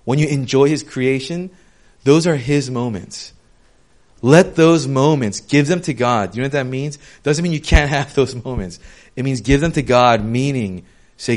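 A young preacher delivers a casual, conversational sermon in a mid-range voice at normal speed. He's chatty and animated in his storytelling, filling his speech with lots of "um" and "like".

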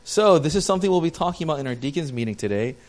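A man's voice: fairly high pitch, animated, rapid-fire, a little mellow. A young male pastor giving a casual, chatty sermon, joking with his congregation and poking fun at himself. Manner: chatty, self-deprecating, talks with the audience.

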